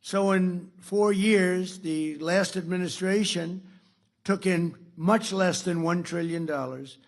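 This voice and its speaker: Gravelly older man giving a boastful speech. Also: high-pitched, slow. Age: 70s. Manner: rambling, boastful, restarts sentences with frequent asides. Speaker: speaker at a club dinner. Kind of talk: political after-dinner speech. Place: dinner event.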